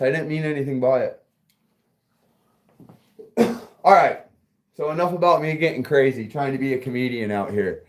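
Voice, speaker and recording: A man's voice: medium pitch, lively intonation, moderate pace, long pauses. A man hosting a casual livestream while working in a garage workshop, rambling and joking and swearing freely. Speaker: livestream host.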